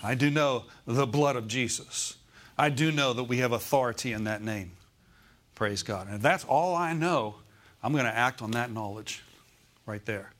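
Man, pastor preaching, emphatic, repeats lines, mid-pitched voice, church sanctuary. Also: moderate pace, a bit bright. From United States. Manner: emphatic, repeats key phrases, asks the room for agreement. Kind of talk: sermon.

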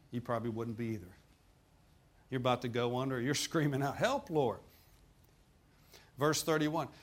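Folksy preacher man. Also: mid-range voice. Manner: folksy, laughing, dramatic retelling with sudden loud bursts. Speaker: pastor. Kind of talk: sermon.

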